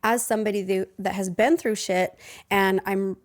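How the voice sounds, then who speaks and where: Woman in her thirties, podcast host and coach, earnest and reflective, mid-pitched, laughs easily. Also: steady tone, normal speed. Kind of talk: casual podcast chat.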